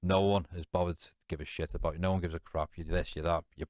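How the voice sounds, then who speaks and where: Deep-voiced British man telling a blunt story. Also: level tone, fast, darkish tone, no room sound, clean studio sound. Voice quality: informal British slang. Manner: blunt, swears freely, keeps asking "you know what I mean"; rambling and restarting with many fillers. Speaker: podcast guest. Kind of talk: candid personal storytelling in conversation.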